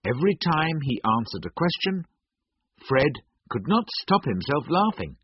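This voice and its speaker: A man narrates a storybook slowly, in a husky, breathy voice, and his pitch rises and falls widely. The recording is dry and slightly dull. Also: very animated, no echo. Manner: slow, measured reading with wide pitch swings.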